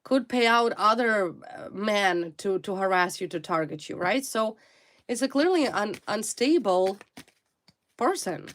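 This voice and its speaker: A woman speaking at a mid pitch gives a tarot reading straight to the viewer. She presses hard on her points and circles back to the same blunt words again and again. Her English phrasing has a non-native ring to it. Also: lively intonation, unhurried, fairly bright tone. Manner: emphatic and repetitive, hammering single words. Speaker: tarot reader.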